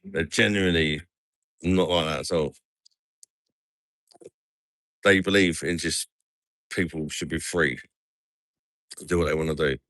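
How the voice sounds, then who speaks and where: Chatty English man, low and bright. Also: steady tone, unhurried, long pauses, no echo. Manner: chatty, says "mate" a lot. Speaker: livestream host. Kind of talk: casual livestream chat. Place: outdoors at night in a resort town.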